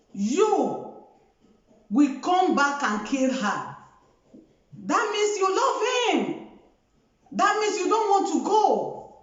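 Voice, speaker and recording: A woman delivers a lecturing, scolding monologue, pausing again and again to ask "Eh?". Her voice sits high. The recording is heavily echoey and dull, with a lo-fi, muffled sound. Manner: lecturing, scolding, keeps asking "Eh?". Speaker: host.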